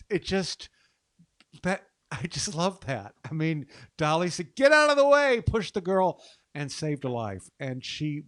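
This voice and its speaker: A man from Texas hosting his own show, chatting casually between songs in an effusive, gushing way with lots of soft hesitations. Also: on the high side, no echo. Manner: soft-spoken with frequent hesitations. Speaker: show host and singer.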